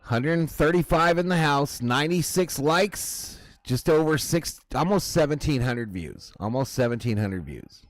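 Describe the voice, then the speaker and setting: A man's voice: a little high, expressive, a little slow, hardly any pauses, dry recording. A man hosting a live baseball watch-party stream, chatting casually with his viewers. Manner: chatty, addresses chat as "y'all".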